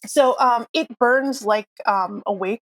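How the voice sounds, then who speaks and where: A woman's voice: a little high, slow pace, fairly bright tone. A woman narrating as game master of a tabletop game, chatty with frequent laughs and fillers.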